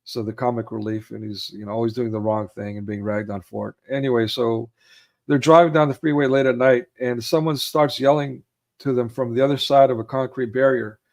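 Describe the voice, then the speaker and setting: Male, mid-pitched, casual film chat, rambling delivery that breaks into acted movie quotes. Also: steady tone, a little fast. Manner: rambling, with many fillers and restarts; acts out movie quotes in raised voices.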